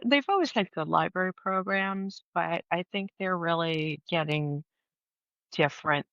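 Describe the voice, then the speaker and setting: A woman's voice: lowish voice, measured pace, fairly bright tone, no room sound. A middle-aged woman co-hosting a podcast, chatting in an opinionated, jokey way. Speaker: podcast co-host. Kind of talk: casual chat. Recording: dull lo-fi sound.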